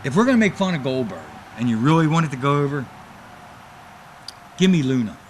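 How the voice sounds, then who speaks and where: A man's voice: on the high side, a little fast, slight background noise. A middle-aged man, a former wrestler, telling stories in a casual interview and acting out the other people's lines as he goes. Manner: animated storyteller who acts out other people's lines.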